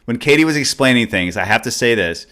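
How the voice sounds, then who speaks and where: A man's voice: medium pitch, expressive, fast, bright, forceful tone. A man hosting a community news show, upbeat and joking as he wraps up with guests. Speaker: show host.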